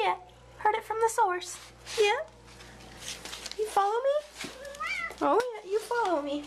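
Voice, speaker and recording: A woman's voice: very high voice, animated, takes it slowly, long pauses, background noise. A woman at home chatting to her cats and dog in a sing-song baby-talk voice, repeating little greetings over and over. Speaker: cat owner filming her pets. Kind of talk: casual pet vlog. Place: at home indoors.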